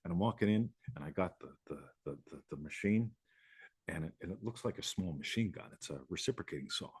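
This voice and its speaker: A man's voice: sits low, lively intonation, fast talker, breathy edge, dry recording, clean studio sound. A man hosting a live show, talking casually in a rambling way, swearing and laughing often. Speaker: host.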